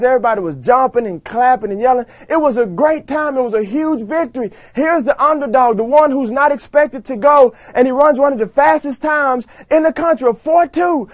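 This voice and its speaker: Guy with a real high voice doing a motivational talk, big dramatic story, goes loud then real quiet. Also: no room sound. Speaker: motivational speaker. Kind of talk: motivational speech.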